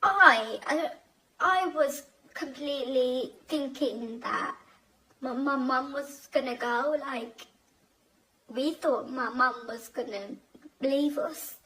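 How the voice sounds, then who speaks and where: A young woman telling a personal family story in a halting, emotional way, with many restarts. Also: high-pitched, bright, forceful tone, poor audio. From Bangladeshi family. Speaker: guest telling her conversion story.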